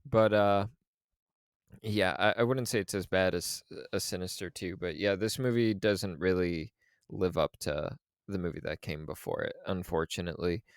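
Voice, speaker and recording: Male podcast co-host, relaxed and rambling, lowish smooth voice, dry close mic. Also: normal speed, dry recording. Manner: laid-back, rambling with restarts and laughs. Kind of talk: casual film discussion.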